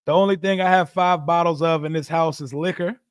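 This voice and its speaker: A man's voice: fairly high pitch, fairly even intonation, brisk, clear, resonant tone, no echo, clean studio sound. A man hosting a live football watch stream, reading chat aloud and calling plays in a loose, profane, joking way. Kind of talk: casual live reaction and play-by-play.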